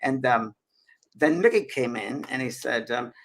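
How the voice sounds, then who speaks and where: A man hosting a show, telling an animated personal story in casual chat. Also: medium pitch, measured pace. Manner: animated, repeats and restarts often. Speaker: host.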